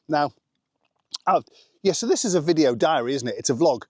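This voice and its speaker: A man's voice: on the high side, lively intonation, no room sound, clean studio sound. Joking English man on a home vlog. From England. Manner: joking, teasing, quick interjections. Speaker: vlogger. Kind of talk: casual chat.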